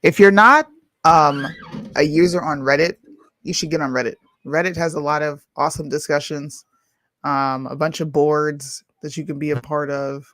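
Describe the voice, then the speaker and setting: A woman's voice: low-pitched, fairly even intonation, normal speed, a bit bright, no echo, studio quality. A woman co-hosting a casual talk show, blunt and exasperated, sometimes reading posts aloud. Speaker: podcast co-host. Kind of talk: casual chat.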